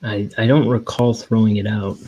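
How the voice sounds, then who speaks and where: A young man, a cartoonist, rambling in a meandering, self-deprecating way with deadpan jokes while he works. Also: on the low side, normal speed, lo-fi sound. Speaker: cartoonist inking his graphic novel. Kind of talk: casual rambling studio vlog.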